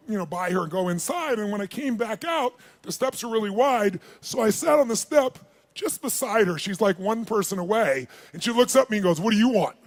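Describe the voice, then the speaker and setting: Brief: a man with a high voice, a seminar speaker who tells a story with energy and gets the room to answer. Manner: animated, calls on the audience, acts out dialogue. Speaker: motivational speaker.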